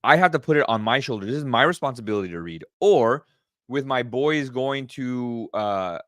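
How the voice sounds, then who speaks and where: A middle-aged man hosting a casual solo podcast, talking with excited energy and often repeating himself. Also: medium pitch, normal speed, no room sound, studio quality. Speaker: podcast host.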